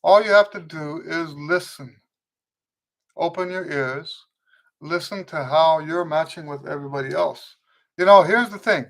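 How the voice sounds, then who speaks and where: A man hosting a live trumpet Q&A, answering viewers' questions in a relaxed, conversational way, often restarting and checking in with "okay?". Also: a little high, measured pace. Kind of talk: casual livestream teaching, answering viewer questions.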